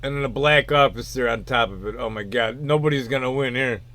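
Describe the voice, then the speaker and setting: A man's voice: medium pitch, fairly quick, background noise. A man giving rambling, casual reaction commentary on a video, full of fillers and the odd swear.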